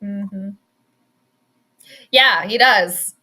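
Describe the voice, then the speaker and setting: A woman's voice: mid-range voice, extremely slow, sharp tone. A woman hosting a sports show in a casual livestream chat, bubbly and chatty, laughing often as she reads viewer comments. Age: adult. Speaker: sports podcast host.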